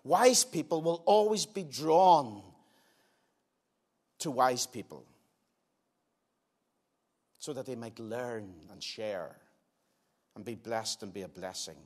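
An older man preaching a sermon in a church, earnest, pressing some lines hard and dropping others to quiet, slow asides. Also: medium pitch. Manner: earnest, swings between emphatic loud lines and quiet slowed asides. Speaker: pastor. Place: church sanctuary.

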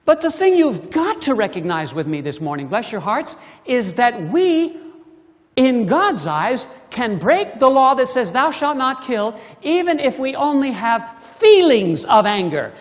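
An animated preacher works the congregation with rhetorical questions. The voice leaps from loud, pressing emphasis down to quiet, intimate asides, and the delivery is full of lively rises and falls. The voice rings out with the long reverb of a church hall. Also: medium pitch, a little slow. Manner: swings between loud emphasis and hushed asides. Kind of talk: sermon. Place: church sanctuary.

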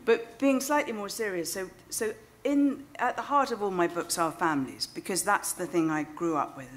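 A woman's voice: medium pitch, moderate pace, slight background noise. A woman in her fifties telling a self-deprecating, wry story to a live audience. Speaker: speaker at a storytelling event. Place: stage before an audience.

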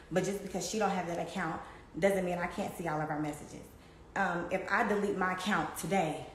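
A woman's voice: on the low side, reverberant, a little hiss or hum, low-quality recording. A woman chatting casually on a live stream, rambling and speaking straight to her viewers through her phone.

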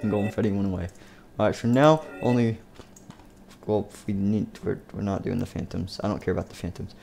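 A man casually narrating a game story in a rambling, halting way. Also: lowish voice, vocal fry, mellow, slight background noise. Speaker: youtuber.

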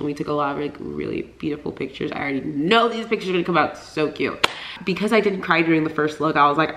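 Gushing low-voiced young woman vlogger. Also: fast talker, gravelly, fairly bright tone. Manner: gushing, chatty, lots of "like". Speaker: vlogger, bride. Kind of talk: casual chat. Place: at home.

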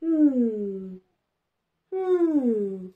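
A woman's voice: fairly high pitch, big pitch swings, very slow, narrow, tinny audio. A woman hosting a children's learning video as a preschool teacher, talking in a sing-song way with dramatic gasps and plenty of praise.

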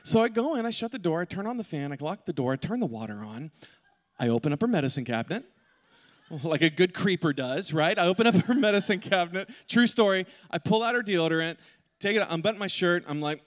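A middle-aged male pastor telling a funny personal story in an animated way, with asides to the congregation. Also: high voice, quick pace. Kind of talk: sermon with humorous personal story. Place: large church auditorium. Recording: long hall reverb.

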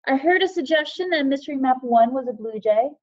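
High-voiced woman leading a teaching webinar. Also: animated, fairly quick, highs cut off. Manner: friendly, reads out chat guesses and thanks participants. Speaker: webinar presenter for educators. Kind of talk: live online teaching webinar.

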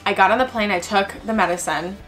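A woman in her twenties telling a travel story in a casual, chatty way, acting out the voices of the people in it, with soft music behind her. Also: medium pitch, fast. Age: 20s. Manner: chatty, animated, acts out quoted voices, frequent "like". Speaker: travel vlogger.

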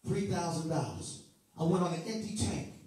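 A slightly high but dark-toned male voice, expressive and at normal speed, carries a fervent sermon. He swings between sing-song chanting and humorous asides to his listeners. Background music and room echo are heard, the mic placed far off.

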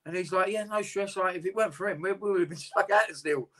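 A man's voice: high voice, fast, a bit bright. A man, a boxer talking candidly and at length in a casual interview, swearing freely.

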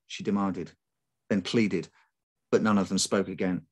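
Low-voiced man reading horror aloud. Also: fairly even intonation, measured pace. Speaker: writer reading his story. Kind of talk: live reading of a folk horror story.

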